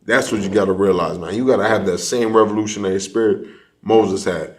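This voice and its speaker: A man with a low voice teaches an online class in a preaching style. He talks emphatically, climbing to loud, animated peaks before dropping back down. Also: brisk, a little hiss or hum. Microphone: online class setup.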